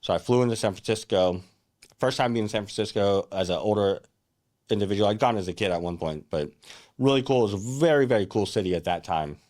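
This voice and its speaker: A man's voice: lowish voice, fast talker, darkish tone. A young man, a chef, telling his career story in a casual, earnest first-person way, often restarting his sentences. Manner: earnest and reflective, with many restarts and fillers like "like" and "right?".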